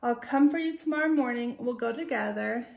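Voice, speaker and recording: A woman voicing a sly, scheming male wolf in a children's storybook, coaxing and deliberate. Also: fairly high pitch, creaky, darkish tone, reverberant.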